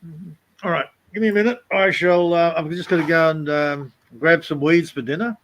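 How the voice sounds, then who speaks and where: A man's voice: fairly even intonation, normal speed, a bit bright, a little hiss or hum. A man in casual chat, blunt and jokey. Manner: blunt, jokey, mimics others in high voices.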